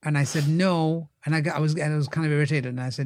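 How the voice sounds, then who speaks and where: A middle-aged man telling lively stories as a podcast guest, acting out the voices of people he quotes. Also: a little high, quick pace, hardly any pauses, dry recording, studio quality. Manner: animated storyteller, acts out quoted voices. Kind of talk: casual storytelling interview.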